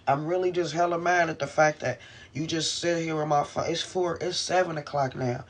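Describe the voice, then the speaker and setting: A man's voice: a little high, fairly even intonation, normal speed. A man venting into his camera in a rambling, profane, frustrated way while in pain, speaking from inside a car. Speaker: vlogger.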